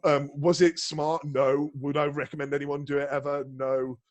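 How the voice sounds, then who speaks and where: A man's voice: fairly high pitch, normal speed. Man telling rambling, profane stories. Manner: rambling, profane, lots of restarts and fillers; animated storyteller. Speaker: guest, bodybuilding prep coach. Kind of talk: casual podcast chat.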